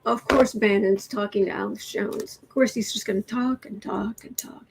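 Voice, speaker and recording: Reading tarot cards and commenting on the news during a relaxed livestream, this host muses, trails off, drops sardonic asides and sometimes whispers. Her mid-range voice has vocal fry, fairly even intonation, normal speed and few pauses, over a low-quality recording with slight hiss or hum.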